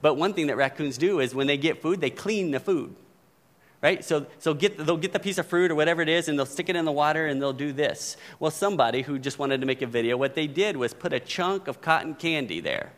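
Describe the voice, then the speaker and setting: A pastor with a higher-pitched voice preaches a little fast in a conversational style. He keeps checking in with the congregation, frequently tossing in asides of "right?"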